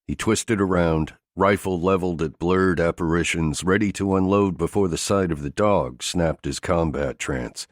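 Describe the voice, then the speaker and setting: Deep-voiced man narrating a thriller audiobook. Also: moderate pace, hardly any pauses, no room sound, clean studio sound. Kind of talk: scripted narration of an action thriller.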